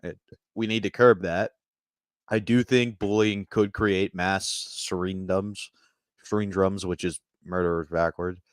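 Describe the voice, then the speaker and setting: A man's voice: sits low, steady tone, measured pace, clear, resonant tone, no echo, studio quality. A man co-hosting a casual comedy show, trading crude jokes and banter. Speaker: podcast co-host.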